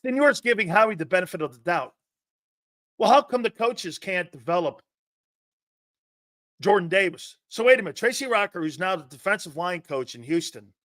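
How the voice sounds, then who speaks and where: High, sharp-voiced man ranting. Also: lively intonation, normal speed, no room sound, clean studio sound. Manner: combative, sarcastic, reads and answers chat comments; crude and emphatic, swears, repeats points. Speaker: sports talk host. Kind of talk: livestream sports rant.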